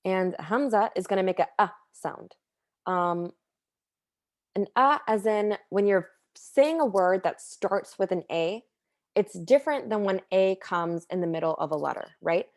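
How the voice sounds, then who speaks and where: A young woman giving a casual tutorial on letter sounds, relaxed and chatty, often pausing to correct herself. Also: medium pitch, no room sound, clean studio sound. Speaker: Quran recitation teacher.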